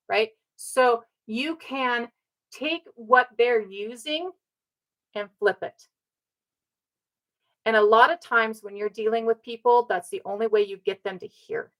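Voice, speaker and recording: A woman's voice: a little high, a little slow, a bit bright, rough recording. A woman from North America giving an emphatic, casual talk, who repeats her points and keeps checking in with "right?". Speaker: speaker on ancestry and community.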